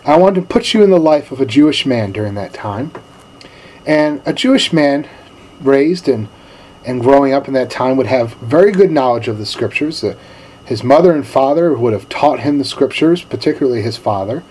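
A male pastor giving a sermon in a relaxed, storytelling manner with casual slang. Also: medium pitch, normal speed.

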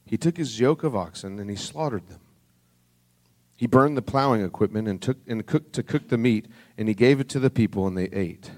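A man preaching a sermon, reading scripture aloud and sinking to a soft, low voice on solemn passages, with an earnest, conversational delivery. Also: brisk. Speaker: pastor.

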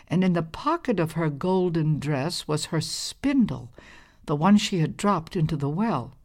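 Low-voiced woman reading a folktale. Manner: measured, expressive. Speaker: narrator. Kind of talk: storybook narration.

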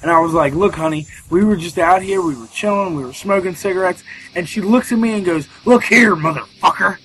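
A man in his twenties co-hosts a casual podcast over a remote call, telling a story full of swearing and imitating other people's voices. His voice sits high and he talks fast. The low-quality recording has slight background noise.

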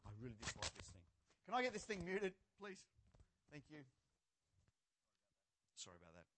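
Impassioned high-voiced male preacher. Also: wildly swooping pitch, normal speed. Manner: impassioned, swinging from shouts to quiet sarcastic asides. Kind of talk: sermon. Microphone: clip-on or headset mic near the chin.

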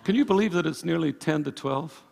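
A man's voice: on the high side, lively intonation, brisk, vocal fry, darkish tone. A man preaching a sermon as pastor at a church service, emphatic and full of repeated phrases. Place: church service before a congregation.

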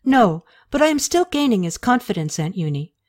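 A woman's voice: medium pitch, big pitch swings, normal speed, a little mellow, pitched above the performer's own voice. A woman reading the part of a sweet, eager young princess who speaks earnestly.

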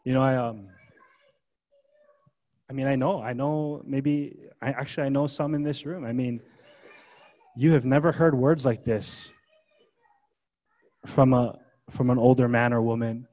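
A man's voice: mid-range voice, fairly even intonation, unhurried, pauses often, warm tone. A man preaching a sermon as pastor, in a casual, conversational way full of rhetorical questions. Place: church gathering.

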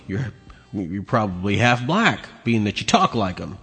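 A man's voice: on the low side, big pitch swings, unhurried, a bit bright, husky, faint music behind. A man hosting a podcast, ranting angrily and crudely as he comments on video clips. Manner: angry, profane, mocking. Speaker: podcast host. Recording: long hall reverb.

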